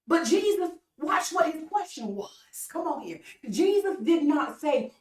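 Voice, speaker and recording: A woman's voice: high-pitched, big pitch swings, moderate pace, few pauses, darkish tone. A woman preaching an online sermon, repeating phrases in a call-and-response rhythm with stammered restarts. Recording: echoey room, voice from far off mic.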